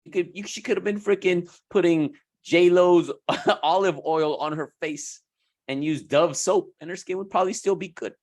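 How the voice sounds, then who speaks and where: Animated, slangy man talking to camera. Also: moderate pace. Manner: animated, slangy, puts on high voices for quoted people. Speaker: esthetics business coach. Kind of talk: casual talk to camera.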